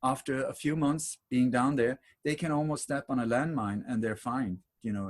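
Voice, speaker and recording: A man speaking as a podcast guest in a conversational interview, telling stories in a rambling, animated way with emphatic repetitions. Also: mid-range voice, moderate pace, a little hiss or hum.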